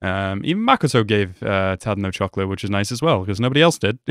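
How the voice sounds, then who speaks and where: A young man giving casual, excitable commentary as he reacts to an anime episode, talking back at the screen. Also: lowish voice, a little fast, no echo, clean studio sound.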